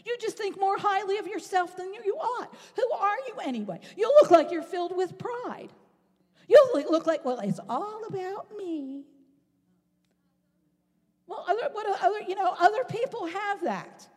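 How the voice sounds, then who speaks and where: A woman preaching a sermon in an animated, rhetorical way, at times rising to a shout. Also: very high-pitched, moderate pace. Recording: long reverb in a large hall.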